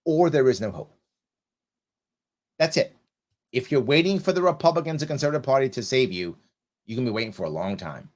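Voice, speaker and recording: Fiery man with a lively pitch. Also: a little fast, long pauses. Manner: combative, scolding, sarcastic rhetorical questions. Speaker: political commentator hosting a live show. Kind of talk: impassioned political monologue.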